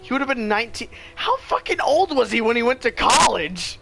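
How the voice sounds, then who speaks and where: A young man chatting with friends during a game, animated and teasing, with sudden exclamations. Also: very high voice, fairly quick, vocal fry, husky, soft background music. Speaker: friend and co-player. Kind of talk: casual chat among friends while gaming.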